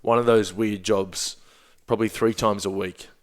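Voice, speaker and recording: A man's voice: on the low side, steady tone, moderate pace. A man with an Australian accent, in his thirties, telling rambling anecdotes in a casual chat. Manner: laid-back, rambling anecdotes with filler words. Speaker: comedian guest.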